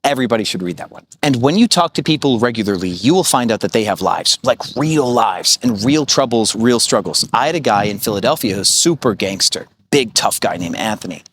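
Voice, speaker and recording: A man's voice: lowish voice, animated, fairly quick, hardly any pauses, fairly bright tone, slight background noise. Blunt, cursing man telling stories. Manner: blunt, profane, storytelling with many fillers. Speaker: short-term rental business coach. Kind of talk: casual vlog monologue.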